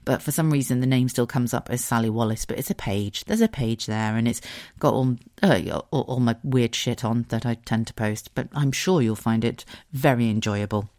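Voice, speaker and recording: A woman with a notably low, deep-set voice chats on her own podcast. She is candid and sweary, and pokes fun at her own quirks as she talks. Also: normal speed, mellow. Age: adult. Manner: candid, self-mocking, sweary. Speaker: podcast host. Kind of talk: casual solo podcast chat.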